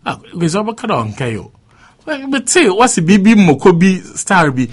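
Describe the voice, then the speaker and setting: A man's voice: sits high, sing-song, moderate pace, breathy edge. A Ghanaian man giving emphatic political commentary on a radio talk show, mixing in English phrases.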